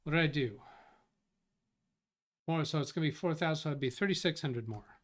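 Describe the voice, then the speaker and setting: A man with a brisk, high-leaning voice hosts a tech support livestream, chatting casually. He rambles while reading viewer comments aloud, thinking them through and correcting himself.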